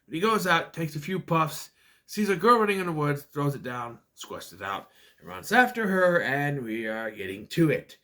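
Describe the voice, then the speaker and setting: A man's voice: on the high side, big pitch swings, moderate pace, pushed and bright. A man casually recapping a bad movie with sarcastic asides, jumping into exaggerated voices for the characters' lines. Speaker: movie reviewer.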